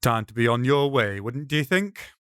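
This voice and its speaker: A man voicing a calm, placid rabbi with a scholarly, quietly forceful way of speaking. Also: mid-range voice, normal speed, clear, resonant tone, dry recording, clean studio sound, close to an everyday voice.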